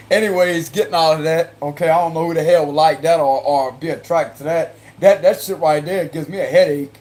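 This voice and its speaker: A man with a Cajun accent talks through a tarot reading for his viewers. His voice sits a little high for a man, and he rambles, circles back over the same points and breaks into chuckling asides. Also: steady tone, brisk, few pauses, a little mellow. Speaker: tarot reader.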